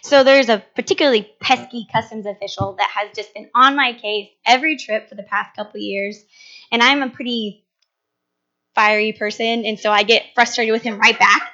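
A woman with a Minnesotan accent tells a church group about a medical mission trip in a chatty, unpolished way, full of "um"s and quick restarts. Her voice sits at an ordinary pitch but has a bright, forward edge. It comes through a handheld microphone on a dull, lo-fi recording. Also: fairly even intonation. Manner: chatty, many fillers, quick self-corrections. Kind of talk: casual spoken report to a church group. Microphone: large handheld microphone. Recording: dull lo-fi sound.

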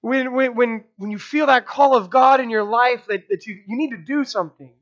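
A man's voice: extremely high pitch, moderate pace, a bit bright, muffled recording. A man preaching a sermon, emphatic, with rhetorical asides and repeated phrases. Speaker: pastor.

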